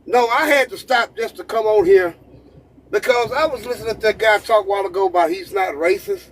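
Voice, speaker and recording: A man's voice: high-pitched, brisk, over a noisy crowd. A man in his sixties, a truck driver calling in to a live stream, speaking earnestly and plainly. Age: 60s.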